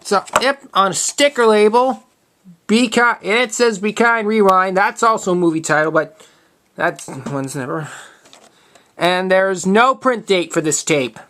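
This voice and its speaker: A man's voice: sits high, a little slow, sharp tone. A man in his twenties talks through his collection for the camera in a loose, unscripted way. He often stops and restarts words mid-phrase, keeping a plain, matter-of-fact tone, and comes through a camera mic while he handles the items off-screen. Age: 20s. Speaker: video collector showing tapes. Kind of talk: casual show-and-tell vlog.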